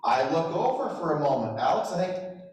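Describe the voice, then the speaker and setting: A man's voice: on the high side, very animated, fairly quick, a little mellow. A middle-aged man giving a motivational talk as a real estate trainer, telling stories with self-deprecating humor and chuckles. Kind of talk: motivational storytelling speech. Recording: echoey hall, distant mic.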